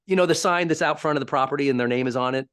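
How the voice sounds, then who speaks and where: A man giving a live teaching talk as a high-performance coach, telling stories in an emphatic, animated way. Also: very fast, clean tone.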